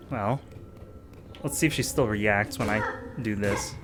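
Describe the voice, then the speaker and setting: A man's voice: lowish voice, a little slow, long pauses. Guy rambling thru a let's play, lots of ums, faint music behind. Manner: thinking aloud, filler-heavy. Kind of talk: casual gameplay commentary.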